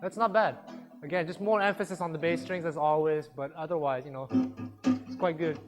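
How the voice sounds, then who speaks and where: High-voiced man teaching guitar rhythms. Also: a little fast. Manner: counts beats and sings rhythms aloud; relaxed, encouraging, self-deprecating. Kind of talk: instructional workshop talk. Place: workshop room with students. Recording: guitar music in the background. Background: guitar playing.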